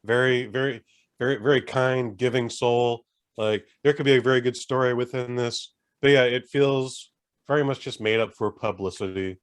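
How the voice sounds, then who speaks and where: A man's voice: medium pitch, moderate pace, smooth. Blunt, swearing podcast co-host man. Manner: blunt, swearing, emphatic rants. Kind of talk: casual chat.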